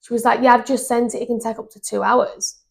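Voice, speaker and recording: A young woman, co-hosting a podcast and telling a story in an animated, indignant way. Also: on the high side, fast, gravelly, breathy edge. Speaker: podcast co-host. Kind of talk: casual chat.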